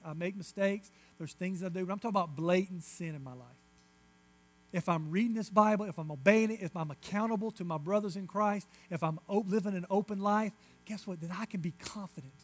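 A man preaching as a pastor, emphatic and insistent, moving between loud declarations and hushed asides. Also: high-pitched. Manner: repetitive, insistent phrasing. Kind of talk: sermon.

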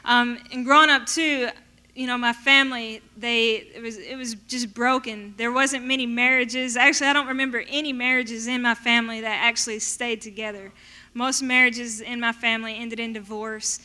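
A woman telling her personal faith testimony in an animated storytelling way. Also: fairly high pitch, moderate pace, clean tone. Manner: animated storytelling, acting out her past self in quotes. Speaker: speaker sharing a testimony.

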